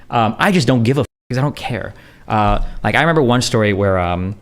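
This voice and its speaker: A man's voice: lowish voice, lively intonation. A man in a casual, rambling monologue, answering chat questions and swearing freely, with constant fillers. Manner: rapid, profane, heavy on fillers like "like" and "um".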